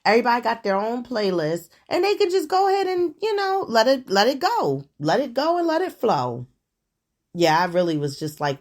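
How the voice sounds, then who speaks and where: A woman's voice: mid-range voice, sing-song, normal speed. Profane ranting middle-aged woman. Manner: laughs often, stammers and restarts. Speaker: show host. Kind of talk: solo commentary on current events.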